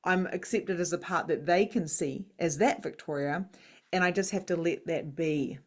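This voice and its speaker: A woman in her thirties with a lowish voice speaks frankly as a guest on a video call. She bounces between big, loud imitations of other people and quiet, dropped-down asides. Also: moderate pace. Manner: animated, swings between loud quoted voices and soft low asides. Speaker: guest, spiritual coach and psychic medium. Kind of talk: candid interview talk.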